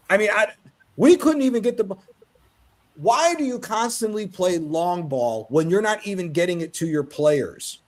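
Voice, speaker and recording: A man's voice: high-pitched, normal speed. A man hosting a casual football call-in show, talking animatedly and swearing as he breaks down the match. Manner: animated, swearing, quotes others in acted voices. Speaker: host.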